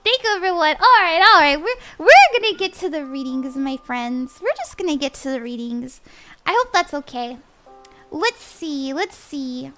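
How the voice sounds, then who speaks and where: A young woman reads tarot on a live stream, over music, in a bubbly, giggly put-on voice, often flustered and apologetic while fixing her audio. Her voice sits high, animated, at normal speed.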